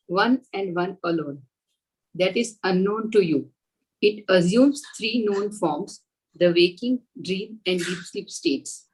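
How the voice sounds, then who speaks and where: A woman student reading a passage aloud in class, steady and careful with small slips. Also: mid-range voice, slow pace, husky, low-quality recording.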